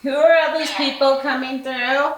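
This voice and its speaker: A woman working as a paranormal investigator runs a spirit box session, asking brief questions and repeating what the device appears to say. Her high voice stays level at a moderate pace. The recording sounds roomy and distant, with loud static hiss.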